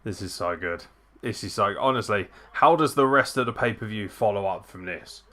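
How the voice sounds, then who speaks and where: A young man hosting a live wrestling watchalong, reacting excitedly, swearing often and breaking into laughs and shouts. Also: fairly low pitch, normal speed.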